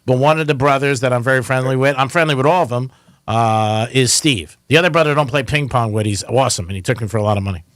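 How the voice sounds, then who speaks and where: A man hosts a casual radio talk show, rattling along quickly and needling his caller. His voice is mid-pitched and close to a dry studio mic. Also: fairly bright tone, dry recording. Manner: joking, teasing callers. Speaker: radio host.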